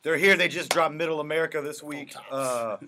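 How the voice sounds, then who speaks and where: A man hosting a casual radio interview, who keeps affirming guests with quick repeated "right, right". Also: fairly high pitch, noisy background. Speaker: radio show host.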